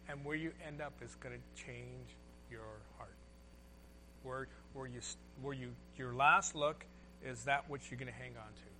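A man preaching a sermon, moving between loud emphatic lines and soft hushed ones. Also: a little high, a little hiss or hum. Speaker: pastor.

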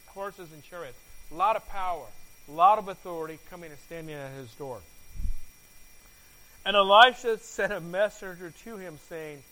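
A man preaching a sermon, asking his congregation questions and repeating words, his volume swinging from loud to soft. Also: high voice, a little hiss or hum, rough recording. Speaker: pastor.

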